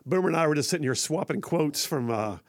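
Male radio host, gravelly voice, dry studio sound, animated. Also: a little high, quick pace, dry recording. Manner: animated, quotes movie lines with gusto. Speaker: radio talk show host. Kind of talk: casual radio talk. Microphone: studio microphone.

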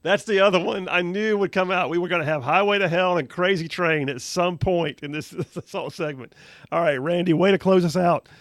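A man hosting a call-in radio talk show, bantering quickly and upbeat with callers. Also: high-pitched, dry recording. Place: radio studio. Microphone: studio mic, close.

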